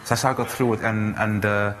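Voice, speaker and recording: A man in his thirties from South Africa, giving an animated storytelling talk on stage, full of restarts and fillers. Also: on the low side, quick pace. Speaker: speaker. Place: large auditorium. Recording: reverberant hall, faint noise.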